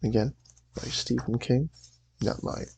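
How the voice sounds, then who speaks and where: A young man hosting a channel, reading a comic aloud in a casual, rambling way with a raspy voice. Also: mid-range voice, fairly even intonation, measured pace, darkish tone, poor audio. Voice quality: raspy, gravelly.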